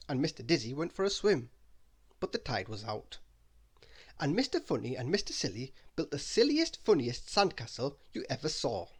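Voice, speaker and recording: A man reading a bedtime story aloud in an expressive, lively way. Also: medium pitch, breathy edge.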